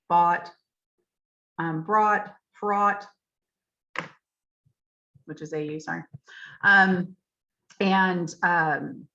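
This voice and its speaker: A woman with a lowish voice walks teachers through spelling patterns, spelling out letters and checking in as she goes. The recording sounds dull and lo-fi. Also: fairly bright tone. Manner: explanatory, spells out letters, frequent "um" and "right?". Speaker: literacy teacher trainer. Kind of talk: professional development talk.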